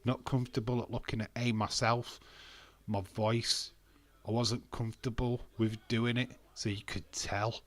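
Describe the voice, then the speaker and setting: A man's voice: mid-range voice, little pitch movement, a little slow, fairly bright tone. A man streaming casually, rambling and self-deprecating, with a stuffy, bunged-up nose and frequent laughs. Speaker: wrestling streamer. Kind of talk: casual live-stream chat.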